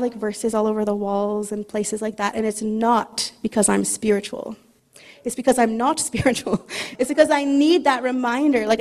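A middle-aged woman giving a casual, chatty sermon, joking at her own expense and reading scripture slowly. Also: a little high, a little mellow. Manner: chatty and self-deprecating, laughs often, reads scripture slowly. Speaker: preacher.

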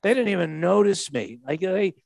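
Preacher, male, 60s, high voice, dry sound, conversational sermon delivery. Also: animated, normal speed, creaky, a little mellow, no echo, low-quality recording. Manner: storytelling with laughs and repeated restarts.

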